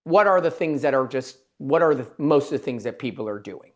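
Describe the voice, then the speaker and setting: A man, a plastic surgeon hosting a podcast, talking in an emphatic, rambling way and quoting his patients in quick asides. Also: medium pitch, animated. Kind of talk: casual interview chat.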